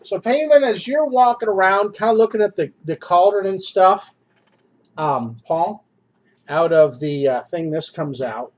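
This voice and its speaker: A man's voice: high-pitched, lively intonation, measured pace. A man narrating as game master of a tabletop game, describing scenes to his players.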